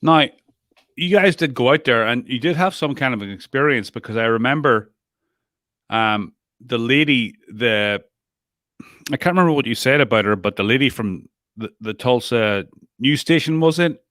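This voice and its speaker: A man's voice: mid-range voice, normal speed, fairly bright tone, no room sound. Podcast host guy, chill questions, dry close sound. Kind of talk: casual interview questions.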